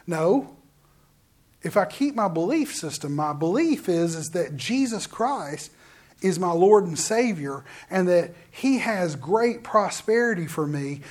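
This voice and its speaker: Animated preacher man. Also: sits high, a little slow. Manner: animated, swings from loud emphatic bursts to hushed near-whispers, repeats words. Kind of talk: sermon with personal stories.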